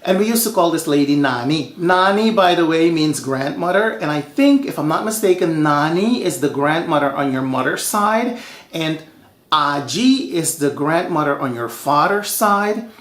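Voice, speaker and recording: A man from Suriname hosting a home cooking show, telling stories in a lively, chatty way. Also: a little high, normal speed, echoey room. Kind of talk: casual cooking show talk.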